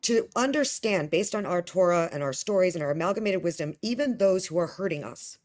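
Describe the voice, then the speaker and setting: A woman's voice: lowish voice, animated, a little fast, darkish tone. A woman from the United States, a guest scholar in a discussion, who talks discursively and asks rhetorical questions. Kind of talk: conversational discussion.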